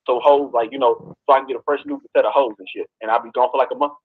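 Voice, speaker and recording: A man's voice: medium pitch, fairly even intonation, racing, phone-quality sound, a little hiss or hum. A man calling in to a show, talking brash and boastful in casual slang. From US West Coast. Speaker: caller. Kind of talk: casual call-in banter.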